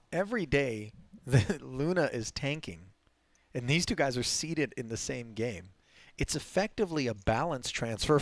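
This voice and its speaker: A man calls a high-stakes poker game and spins stories between hands, his pitch rising and falling with real animation. There's a gravelly fry at the bottom of his voice, and the sound is close and dry, with no room around it. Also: no room sound. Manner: animated storyteller, laughs through anecdotes. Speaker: poker commentator. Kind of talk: live poker commentary and storytelling.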